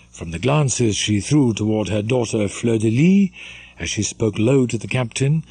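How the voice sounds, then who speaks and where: Man, audiobook narration, expressive, mellow, husky, dry close recording. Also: fairly low pitch, dry recording. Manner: measured, expressive storytelling. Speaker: audiobook reader.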